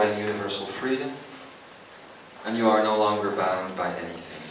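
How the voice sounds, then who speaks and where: A man giving a live spiritual seminar talk, earnest and slow, with long pauses between phrases. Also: fairly low pitch, background noise. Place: seminar hall. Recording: echoey hall recorded from far off.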